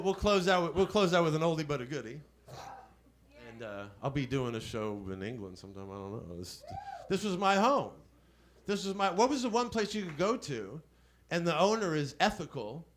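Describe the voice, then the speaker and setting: A male stand-up comedian on a comedy club stage, rambling with quick self-deprecating asides. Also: on the high side, a little hiss or hum. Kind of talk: stand-up set.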